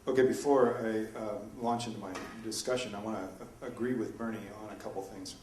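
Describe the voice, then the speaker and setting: A man gives a debate talk with many ums and uhs. He sounds distant from the mic, and his voice echoes around a roomy hall. His pitch sits in the middle, with faint noise underneath. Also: fairly even intonation, a little fast, a little mellow. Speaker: philosophy professor in a debate. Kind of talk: public debate presentation. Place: university lecture room. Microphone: distant from the microphone. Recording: echoey room recorded from afar.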